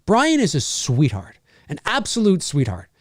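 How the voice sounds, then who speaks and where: A man hosting a live question-and-answer stream as a voice actor, talking in a rambling, animated way and swearing freely. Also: a little high, measured pace, no room sound, studio quality. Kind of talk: casual live-stream chat.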